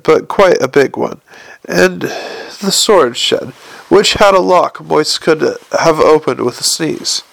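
A man's voice: a little high, creaky, fairly bright tone, no room sound, low-quality recording. A man narrating an audiobook in a dry, wry storytelling manner.

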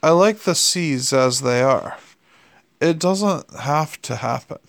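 A man's voice: on the high side, takes it slowly, gravelly, dry recording. A man voicing a sardonic male demon who talks in a wry, pushy way in an audiobook reading. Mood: pleading.

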